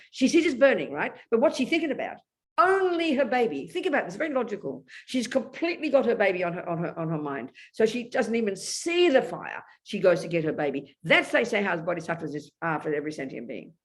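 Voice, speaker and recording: A woman teaching a Buddhist talk to a live group, her voice swinging widely up and down as she drives each point home. She speaks bluntly and emphatically, with a steady stream of questions thrown to her listeners. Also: a little high. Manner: emphatic and animated, often asks the audience "you know?"; blunt, outspoken. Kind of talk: dharma talk to an audience.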